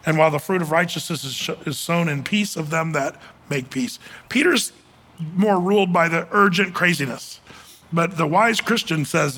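Bright-voiced man teaching scripture. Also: on the high side, moderate pace. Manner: chatty, emphatic, frequent fillers and restarts. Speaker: pastor. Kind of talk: casual Bible teaching.

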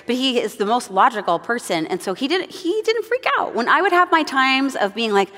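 A middle-aged woman leads a moms' group, telling family stories and acting out little moments as she goes. Her delivery is chatty and animated, and a long reverb trails each phrase, as in a large church room. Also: on the high side, fairly quick. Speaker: moms' group Bible study leader. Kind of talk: devotional teaching with personal stories.

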